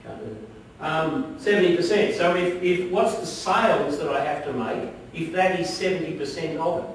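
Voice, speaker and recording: A man with a somewhat high voice talks at normal speed while presenting a live business seminar in a seminar room at an arts centre, chatting and checking in with his audience often. A distant room mic picks him up from far off in a very echoey hall with faint noise.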